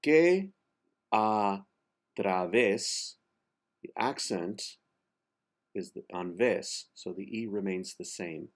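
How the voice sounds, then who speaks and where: A man with a fairly low voice gives a pronunciation lesson for singers. He talks slowly and deliberately. He breaks words into single syllables and repeats them with care. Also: steady tone. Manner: slow, careful, spells out sounds and repeats words syllable by syllable. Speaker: diction coach.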